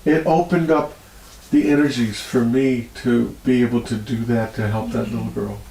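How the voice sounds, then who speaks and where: A man with vocal fry, guest on a storytelling interview as a healer, speaks at a moderate pace. He narrates with strong feeling and lots of laughter, his pitch rising high at emotional moments, all in an echoey room on poor audio.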